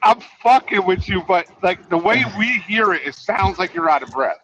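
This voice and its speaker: A man with a high voice hosts a loose, swearing chat about trucking, rambling and ribbing the people he talks with. The audio sounds dull and lo-fi. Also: animated, normal speed, pushed and bright. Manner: profane, rambling, teasing. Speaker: trucker and podcast host. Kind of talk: casual chat.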